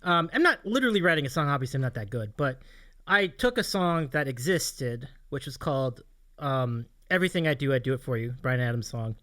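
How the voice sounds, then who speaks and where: A man's voice: mid-range voice, expressive, a little fast, sharp tone. A man hosting a casual livestream talk show, telling a story in a rambling way and laughing often. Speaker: host.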